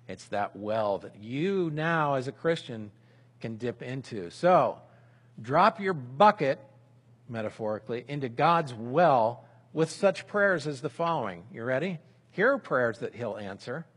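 A man preaches at mid pitch in an easygoing sermon, stopping to voice sample prayers as part of the lesson. His voice has a husky, slightly breathy grain. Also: animated, measured pace. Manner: conversational preaching, with prayers spoken aloud as examples. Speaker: pastor.

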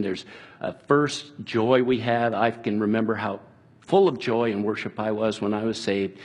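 A man preaching a sermon in an earnest, conversational way, dropping soft and slow at times. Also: on the low side, fairly even intonation, husky. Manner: earnest, conversational preaching with restarts and quiet, slowed passages. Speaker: pastor.

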